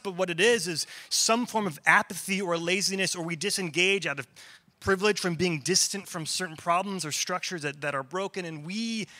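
A man's voice: high-pitched, bright, forceful tone, no echo. A man preaching a sermon in a casual, conversational way, acting out quoted voices with humor. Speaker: pastor.

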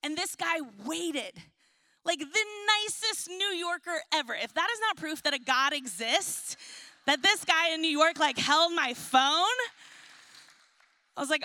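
Bright-voiced woman preaching. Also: high-pitched, lively intonation, dry recording. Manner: storytelling with laughs and acted-out quotes; reads scripture softly and slowly. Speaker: pastor. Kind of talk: sermon.

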